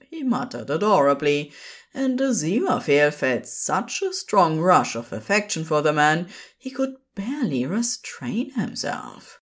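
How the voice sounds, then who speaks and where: A woman narrating a story in an expressive, unhurried storybook manner. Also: sits low. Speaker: podfic reader.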